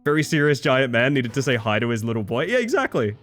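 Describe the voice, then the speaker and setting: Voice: mid-range voice, sing-song, fast talker, a bit bright, faint music behind. A streamer chatting casually and telling a rambling personal story to their live viewers, with lots of fillers.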